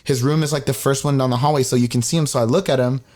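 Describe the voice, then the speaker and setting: A young man tells a story on a casual podcast, slipping into other people's voices as he quotes them. He swears freely and keeps an animated storyteller's rhythm, at an ordinary middle pitch. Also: very fast. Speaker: podcast co-host.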